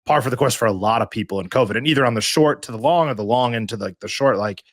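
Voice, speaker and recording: A man's voice: medium pitch, quick pace, no echo, studio quality. A man hosting a casual interview, chatty and swearing casually while he tells stories. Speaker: interview host.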